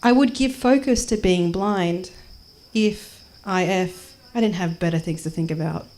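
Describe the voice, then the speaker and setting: Unhurried and a little mellow, her voice is on the low side. This Australian woman in her twenties performs brash, jokey stand-up and spoken word live in a small venue, acting out the people she quotes.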